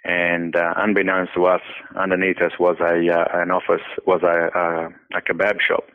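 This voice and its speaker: In an interview, a nonprofit founder tells a personal story earnestly in a low, monotone voice at a moderate pace, often repeating himself and saying "you know." The audio is tinny, like a phone line.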